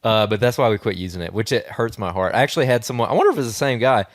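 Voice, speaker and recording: Male podcast co-host, easygoing and jokey, mid-pitched, close dry mic. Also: expressive, racing, no echo. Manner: laid-back, jokey storytelling. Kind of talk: casual chat.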